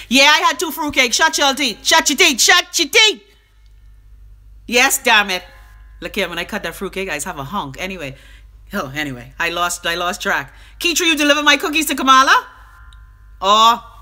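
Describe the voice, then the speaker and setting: A woman's voice: fairly high pitch, pushed and bright. A middle-aged Bahamian woman hosting a casual live stream. She rambles from topic to topic with salty, profane talk.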